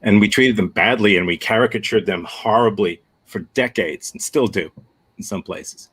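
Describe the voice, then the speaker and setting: An American man teaching an improv workshop over a video call, answering a student's question in a thoughtful, frank way with many halting restarts. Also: on the low side, a bit bright, husky. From United States.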